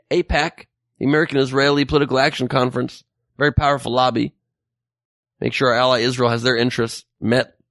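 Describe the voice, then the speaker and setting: A man's voice: medium pitch, fairly bright tone, dry recording, clean studio sound. A man hosting a satirical comedy show, ranting with sarcastic incredulity. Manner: sarcastic, incredulous, mock rants. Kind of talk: satirical monologue.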